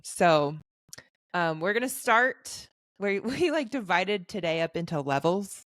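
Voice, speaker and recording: A woman's voice: on the low side, expressive, a little slow, fairly bright tone, no echo, studio quality. A young adult woman hosting a podcast, chatting casually with friends, often laughing and trailing off into asides. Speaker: podcast host.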